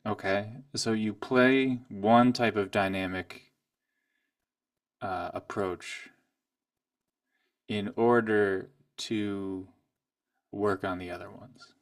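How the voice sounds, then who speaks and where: A man giving a piano lesson, calmly explaining and then playing examples at the keyboard. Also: lowish voice, slow, long pauses, no echo, studio quality. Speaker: piano teacher. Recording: voice from a distance, piano loud alongside.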